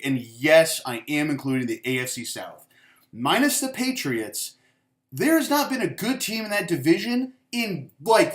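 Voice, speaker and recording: A man's voice: on the high side, fairly bright tone. A young man ranting about football in a profane, rambling, emphatic way. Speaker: sports commentator. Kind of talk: ranting vlog commentary. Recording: echoey room.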